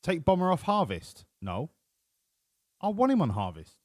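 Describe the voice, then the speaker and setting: Brief: male streamer, animated swings in pitch, dry close mic, cheeky and sweary. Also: moderate pace, no echo. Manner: chatty, sweary, banters with chat. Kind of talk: casual game livestream commentary. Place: home room.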